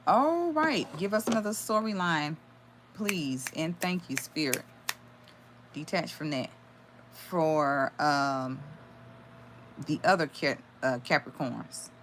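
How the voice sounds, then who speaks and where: A woman's voice: sits low, lively intonation, slow, long pauses, a bit bright, slight background noise. A woman giving a live tarot reading, channeling messages aloud with sudden exclamations and blunt swearing. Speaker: tarot reader.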